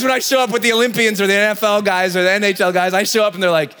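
Energetic high-voiced male motivational speaker. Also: quick pace, hardly any pauses, smooth. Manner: energetic, shouting bursts, laughing asides. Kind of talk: live motivational talk. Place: large event stage before a crowd.

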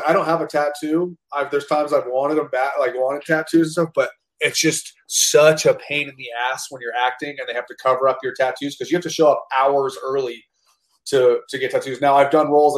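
A man tells his story in loose, casual talk, words tumbling out quickly. He is animated and swears freely, restarting sentences as he goes. The room has a roomy echo to it. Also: medium pitch. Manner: animated, profane, full of restarts. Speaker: guest actor.

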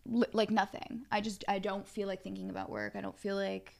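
A young woman co-hosting a podcast, chatting in a relaxed, rambling way. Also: mid-range voice, a little fast, gravelly. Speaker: podcast co-host. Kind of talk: casual chat.

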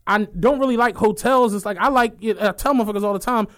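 A young man hosting a podcast, telling stories in a casual, animated and profane way. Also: high-pitched, fast. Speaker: podcast host. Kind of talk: casual chat.

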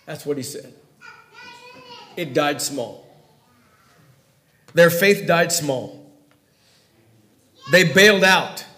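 A man preaching a sermon in a folksy way, swinging between loud emphasis and hushed asides. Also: a little high, animated, extremely slow, pauses often, reverberant.

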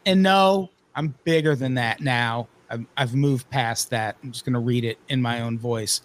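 A man hosting a casual comedy podcast, reading news with wry, deadpan asides. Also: medium pitch, moderate pace, hardly any pauses. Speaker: podcast host.

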